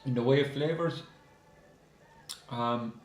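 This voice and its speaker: Man, mid-pitched, casual chatty reviewer, hesitant fillers, echoey room. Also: slow pace. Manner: chatty, addresses viewers as guys, many ums. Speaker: beer reviewer. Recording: roomy echo.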